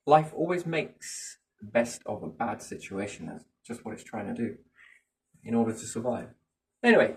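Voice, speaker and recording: Guy thinking out loud, rambly, keeps going "isn't it?", sounds a little far off the mic. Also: medium pitch. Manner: rambling, musing, keeps asking rhetorical questions. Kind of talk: casual speculative chat.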